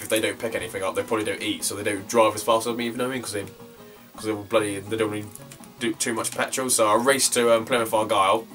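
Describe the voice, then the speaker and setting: A man's voice: lowish voice, pushed and bright. A young man chatting casually about his retro game finds, rambling and swearing freely. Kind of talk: casual vlog chat. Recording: distant from the mic, faint guitar music behind.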